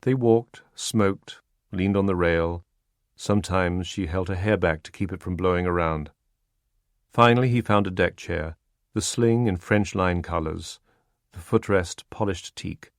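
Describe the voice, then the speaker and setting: A man reading a wartime spy novel aloud in measured, even scripted narration. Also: sits low, no room sound. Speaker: audiobook narrator. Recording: dry close studio sound.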